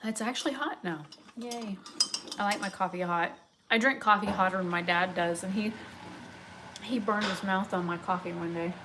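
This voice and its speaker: A woman's voice: mid-range voice, moderate pace. Chatty woman rambling at home. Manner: rambling, chatty, talks to her cats. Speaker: vlogger. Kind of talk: casual live-stream chat. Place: home kitchen. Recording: home recording with clear background noise.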